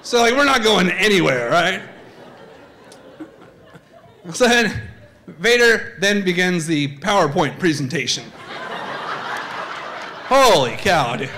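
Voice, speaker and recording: Animated man telling a funny story. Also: sits high, a little slow, long pauses, slight background noise. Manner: animated, conversational, swings into voices. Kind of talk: live comedic personal storytelling. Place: theater stage before a live audience.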